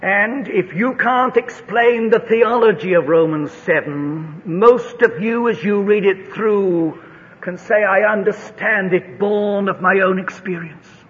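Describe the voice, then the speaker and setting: A man preaching a sermon, reading scripture and telling stories with dramatic, rising delivery. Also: takes it slowly. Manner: dramatic, rising to high shouts in a told story. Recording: dull lo-fi recording in a large reverberant hall.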